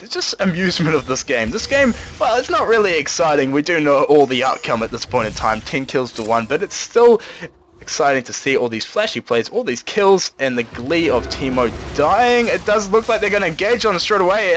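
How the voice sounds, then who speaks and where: A man's voice: fairly quick, muffled recording, a little hiss or hum. A young man doing solo play-by-play commentary on a video game, joking and rambling, his voice jumping up when the action heats up. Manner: jokey, rambling, pitch leaps up when excited.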